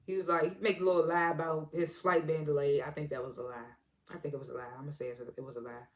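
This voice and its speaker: A reviewer giving a casual, animated recap of a TV episode, with loose, chatty talk full of asides and restarts. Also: mid-range voice, quick pace. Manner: animated retelling, slipping into quoted lines and laughing.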